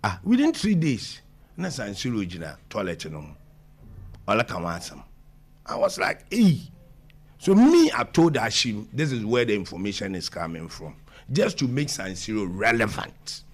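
A man, answering questions in an animated conversational interview and mixing English with Twi. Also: lowish voice, moderate pace. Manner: mixes English with Twi, talks over the interviewer.

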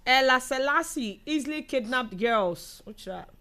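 A young woman with a Ghanaian accent hosts a casual live show, reading viewer comments aloud in a chatty, animated way and laughing often. Her voice is high-pitched and her pace measured.

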